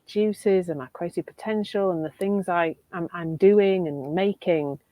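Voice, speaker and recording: Middle-aged woman, low voice, dry close sound, animated reflective chat over a video call. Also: unhurried, no echo. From Northern England. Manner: animated, laughing, thinks aloud. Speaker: podcast co-host.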